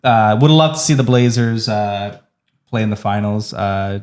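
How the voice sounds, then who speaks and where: Male panelist, low voice, teasing and playful. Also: a little slow, a little mellow. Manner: teasing, laughs often. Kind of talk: casual sports chat.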